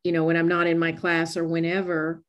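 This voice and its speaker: An older woman with a soft Southern American accent, talking in a measured, unhurried way. Her voice sits a little low for a woman, and she lays out each thought carefully, as a guest in a relaxed interview. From United States. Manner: measured, slow, thoughtful delivery. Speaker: yoga teacher, interview guest. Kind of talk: reflective conversational interview.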